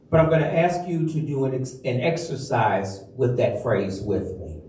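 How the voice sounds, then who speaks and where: A minister preaching a sermon in a church, teaching slowly and emphatically and calling on the congregation to repeat after him. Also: male voice, a little high, dark tone. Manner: slow, emphatic teaching with call-and-response. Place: church sanctuary. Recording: echoey church from far off.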